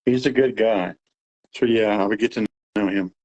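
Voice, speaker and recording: A man's voice: fairly low pitch, normal speed, a little mellow, highs cut off. A man with a Texas accent and a slightly nasal voice, hosting a casual live Q&A and rambling with fillers and restarts. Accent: Texan. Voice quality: a little nasal. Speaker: host of a live radio-monitoring Q&A.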